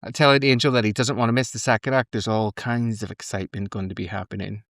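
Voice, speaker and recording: A young man co-hosting a podcast, recapping an episode in casual, animated chat and laughing often. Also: quick pace, no echo, studio quality. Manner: animated, laughing, mimics characters in high squeaky voices. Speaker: podcast co-host. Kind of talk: casual reaction commentary.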